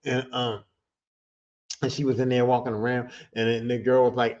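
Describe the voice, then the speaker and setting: A man's voice: normal speed, pauses often, dull audio. A podcast host telling a casual story in streetwise slang with heavy cursing, and his voice shoots up when he retells the heated parts. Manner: animated, jumps high when retelling heated moments.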